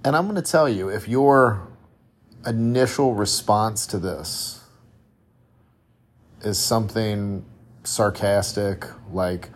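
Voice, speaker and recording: Male podcast host, fairly low voice, reflective conversational self-help monologue. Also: slow pace, long pauses. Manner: reflective, conversational, with frequent restarts and rhetorical questions. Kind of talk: solo motivational podcast monologue.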